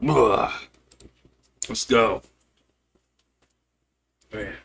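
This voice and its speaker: A man calling a live baseball game as a fan streamer, openly rooting for his team, chatty and loose, with rambling asides between pitches. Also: drawn-out words, creaky, background noise. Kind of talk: live baseball play-by-play commentary.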